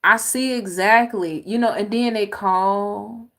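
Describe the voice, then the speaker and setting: A woman's voice: mid-range voice, fairly even intonation, slow pace, fairly bright tone. A woman hosting a reaction video, giving blunt, emphatic commentary on clips with sighs and exclamations.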